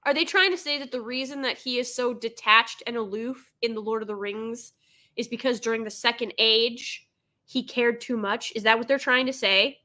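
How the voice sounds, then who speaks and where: Bright-voiced sarcastic woman streamer. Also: on the high side, normal speed. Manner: sarcastic, exasperated critique. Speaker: live reaction streamer. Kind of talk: live reaction commentary.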